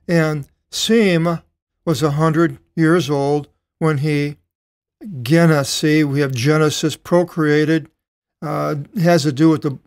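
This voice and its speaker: An older man teaching a verse-by-verse Bible study, reading slowly with frequent pauses and self-corrections as he explains Greek words. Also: a little high, no echo, studio quality.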